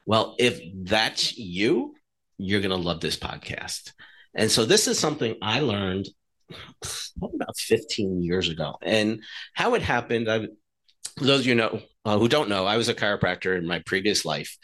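A man co-hosting a podcast, telling stories in a casual, animated way and acting out the dialogue in them. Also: lowish voice, normal speed. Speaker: podcast co-host.

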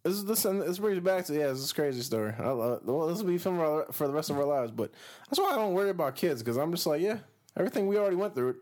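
A young man with a fairly high, lively voice, chatting on a podcast. He is laid-back and wry, dropping swear words as he tells his side of a story. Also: rapid-fire. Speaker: podcast co-host. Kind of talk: casual storytelling chat.

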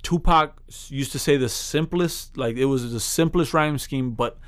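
A man's voice: mid-range voice, normal speed, smooth. A man co-hosting a podcast, telling a story in rambling casual chat with many restarts. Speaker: podcast co-host.

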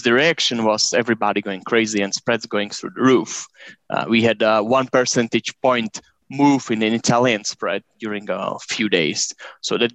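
A man's voice: mid-range voice, a bit bright, no room sound. Man explaining as a guest. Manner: hesitant, many fillers, plain explanations. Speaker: guest economist. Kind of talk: casual interview chat.

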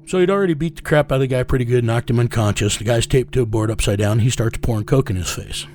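A man's voice: mid-range voice, quick pace, a little mellow. Guest, male, mid-range voice; blunt, profane storyteller. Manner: profane, blunt, chuckles while telling. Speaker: interview guest. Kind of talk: casual storytelling.

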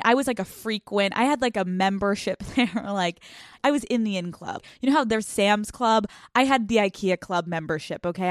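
A young woman hosts her podcast in a casual solo monologue. She is animated and jokey and swears freely as she tells stories. The recording is dry and close to the mic, with no room sound. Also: mid-range voice, no echo. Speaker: podcast host.

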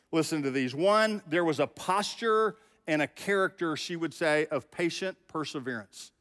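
Middle-aged pastor preaching in a hall. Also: male voice, a little high, a bit bright. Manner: conversational, talks straight to the congregation. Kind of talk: sermon.

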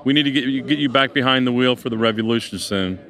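A man's voice: mid-range voice, fast, fairly bright tone. Upbeat man chatting outdoors. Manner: upbeat, friendly. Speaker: guest, car company founder. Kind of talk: casual chat. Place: outdoors at a car show.

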